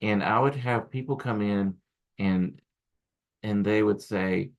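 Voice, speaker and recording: Gravelly-voiced man giving a casual lecture. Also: lowish voice, slow pace, lo-fi sound. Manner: casual, rambling with restarts and asides. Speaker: acupuncture instructor. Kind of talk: recorded lecture.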